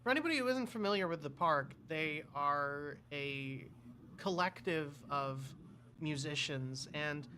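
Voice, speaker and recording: Bright high-voiced guy cohosting a stream, animated and jokey, faint hiss behind. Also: measured pace. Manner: animated, laughs often, tries cartoon voice impressions. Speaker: livestream co-host. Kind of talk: casual chat.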